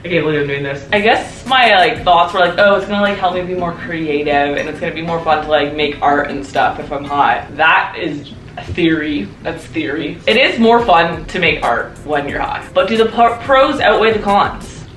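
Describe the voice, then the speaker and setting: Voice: medium pitch, moderate pace, a bit bright, slight background noise. A young adult vlogger talking casually to camera, nervous and rambling, with lots of swearing. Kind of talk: casual vlog monologue. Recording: roomy echo, faint music.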